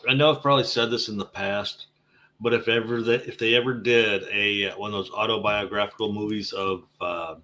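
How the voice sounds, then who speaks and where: Bright, thoughtful low-voiced man. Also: steady tone, brisk. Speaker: podcast co-host. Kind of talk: casual fan chat.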